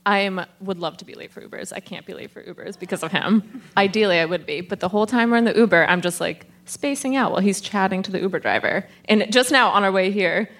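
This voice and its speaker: A woman's voice: medium pitch, fast talker, a bit bright. A woman guest on a live comedy podcast, telling a story with frequent laughs. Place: theater stage before a live audience.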